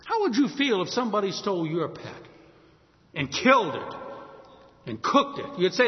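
A man preaching a sermon, telling a story with animated delivery and acting out the voices of the people in it. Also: high-pitched, moderate pace, slight background noise. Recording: dull sound in a hall with long reverb.

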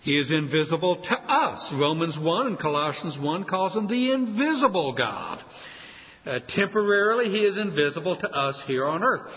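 A man preaching a sermon, animated and acting out quoted voices. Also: a little high, moderate pace. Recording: muffled hall with long reverb.

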